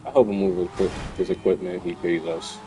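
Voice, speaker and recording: Low-voiced, laid-back gamer. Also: male voice, flat delivery, fairly quick, background noise. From New Jersey. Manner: laid-back, slangy, rambling. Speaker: gaming streamer. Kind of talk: casual commentary while playing. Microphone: USB desk microphone.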